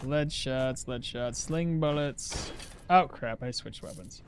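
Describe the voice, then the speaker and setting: A man talks slowly in a mid-range voice as he plays a game on a live stream, chatting casually and answering viewers. Slight background noise can be heard.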